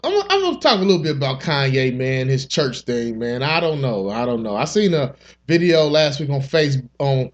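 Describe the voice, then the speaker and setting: A man's voice: on the high side, lo-fi sound. A man hosting a comedy podcast, rambling through topics with loose, profane, joking talk. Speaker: podcast host. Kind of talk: comic podcast monologue.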